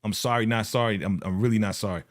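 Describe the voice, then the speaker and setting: A man's voice: fairly low pitch, fast talker. A man hosting a live review show in casual, slang-filled chat, often laughing and speaking straight to his viewers. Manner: animated, laughing, slangy, acts out quotes. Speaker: host of a live TV episode review.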